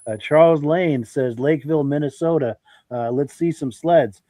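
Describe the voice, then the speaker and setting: A man's voice: fairly high pitch, moderate pace, warm tone, dry recording. A man with a congested voice hosting a live podcast, reading out viewer comments in a friendly, folksy way. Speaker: podcast host.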